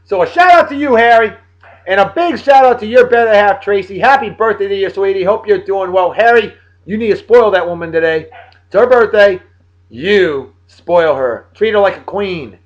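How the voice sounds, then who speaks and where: A man in his late thirties from Massachusetts, hosting a casual video blog and giving playful, hearty birthday shout-outs to friends. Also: high voice, normal speed, dull audio. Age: late 30s.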